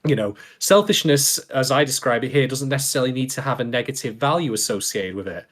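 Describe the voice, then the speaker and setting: A man's voice: mid-range voice, lively intonation, quick pace, fairly bright tone. A man from England co-hosting a casual anime podcast, rambling and repeating words while he jokes and talks through listener questions. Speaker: podcast co-host.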